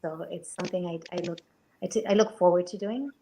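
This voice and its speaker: Soft-spoken halting woman guest. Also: fairly low pitch. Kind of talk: interview talk.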